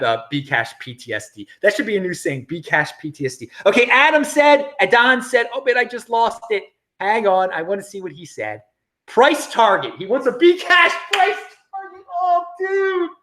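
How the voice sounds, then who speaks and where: A middle-aged American man hosting a casual livestream, reading viewer comments in an animated, chatty way with frequent laughs and restarts. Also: high-pitched. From United States. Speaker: crypto livestream host.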